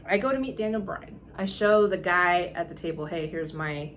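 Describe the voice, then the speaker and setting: A woman vlogger telling a casual, animated story in exasperated tones, often laughing and acting out the dialogue. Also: fairly low pitch, moderate pace, a little hiss or hum.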